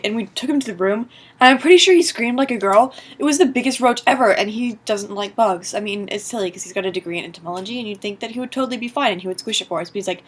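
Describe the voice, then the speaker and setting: A woman vlogger telling a story to camera in a chatty, animated way, full of fillers. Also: medium pitch, quick pace.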